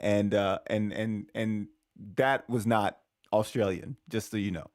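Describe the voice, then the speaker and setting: A man's voice: fairly low pitch, steady tone, measured pace, darkish tone, dry recording, studio quality. A man hosting a live chat, teasing and stammering, often laughing as he talks. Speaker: live-stream host.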